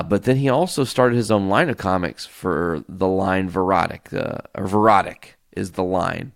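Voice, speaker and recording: A man hosting a solo podcast, telling a long story in a profane, ranting, animated way. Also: low voice, vocal fry, dry recording, studio quality. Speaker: podcast host.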